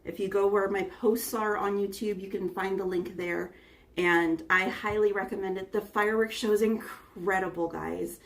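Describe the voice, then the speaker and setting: A woman's voice: mid-range voice, steady tone, moderate pace, vocal fry, recorded from a distance. A woman hosting a casual cooking livestream, chatting with her viewers and greeting them one by one by name. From United States. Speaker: livestream host. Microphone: phone front camera.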